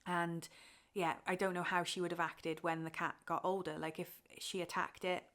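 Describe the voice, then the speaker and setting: A woman's voice: on the low side, level tone, normal speed, fairly bright tone. Chatty, emotional young woman vlogger. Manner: chatty and emotional, with frequent fillers and laughs. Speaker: cross-stitch vlogger. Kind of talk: casual chat to camera.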